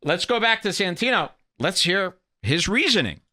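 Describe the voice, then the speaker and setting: A man's voice: high-pitched, very animated, moderate pace, bright, forceful tone. A man hosting a podcast, giving heated, sarcastic commentary over clips and arguing his point indignantly. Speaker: podcast host.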